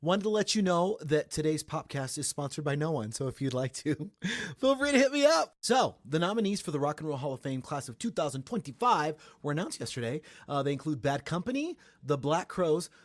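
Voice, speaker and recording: A young man from the Atlanta area hosting a casual celebrity gossip podcast, chatty and animated. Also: fairly quick, no room sound, studio quality. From Atlanta area, Georgia. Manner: chatty and animated, breaks into high sung bits. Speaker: podcast host.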